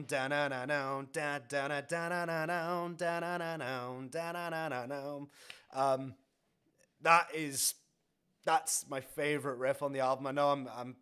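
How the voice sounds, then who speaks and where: A man chatting casually as a music reaction streamer, rambling and excitable with lots of fillers and laughs. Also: medium pitch. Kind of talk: casual chat over album playback. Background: heavy metal music playing faintly.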